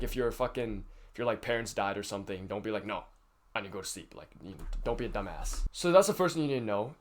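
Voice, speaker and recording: Teenage guy giving rambling sleep advice. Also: mid-range voice. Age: teens. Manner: rambling, filler-heavy, frank with casual swearing. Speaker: youtuber. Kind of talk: casual advice vlog.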